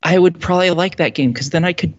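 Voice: medium pitch, quick pace. A speaker in casual group chat, ranting and swearing heavily about things they dislike. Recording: dull lo-fi recording.

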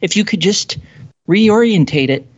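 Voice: mid-range voice, animated, a little slow, husky. Swearing ranter, lo-fi audio. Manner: ranting, heavy swearing. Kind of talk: casual group chat. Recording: dull lo-fi recording.

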